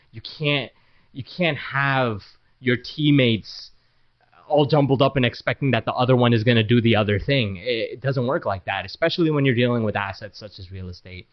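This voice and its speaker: A man talks casually to camera as a property manager, at an ordinary mid pitch. He is blunt and rambling, filling his speech with "you know" and false starts. The audio is a little muffled and lo-fi. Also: moderate pace. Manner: frank, rambling, many fillers and restarts. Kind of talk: casual business talk to camera.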